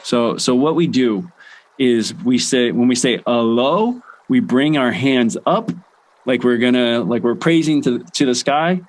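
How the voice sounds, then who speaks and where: A young adult man guiding a laughter meditation session in a relaxed way, with many fillers and restarts. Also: medium pitch, unhurried. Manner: chanting rhythmic ho ho ha ha. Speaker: meditation guide.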